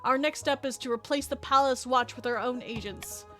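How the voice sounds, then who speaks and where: Giggly woman game streamer, high voice, chatty. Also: normal speed, faint music behind. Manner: giggly, chatty, animated reactions. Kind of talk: live game stream commentary and reading aloud.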